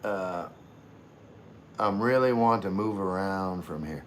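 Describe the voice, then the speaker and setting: Man, lower pitch, livestream host, halting and filler-heavy, relaxed viewer chat. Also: a little hiss or hum. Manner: halting, full of fillers and restarts. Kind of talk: casual live chat with viewers.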